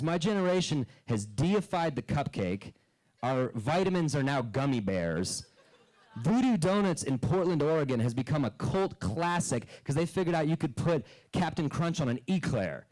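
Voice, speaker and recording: A man's voice: fairly high pitch, poor audio. Man telling stand-up stories onstage. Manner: deadpan storytelling with sudden loud character bits. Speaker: stand-up comedian. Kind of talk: stand-up comedy set. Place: comedy club stage with a live audience.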